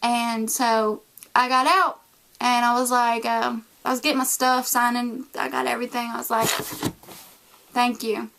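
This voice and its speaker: Speaking at a measured pace in a high-leaning, creaky voice, a young Southern-accented woman from the US vlogs to the camera. She relays a story casually and with animation, voicing the characters as she goes.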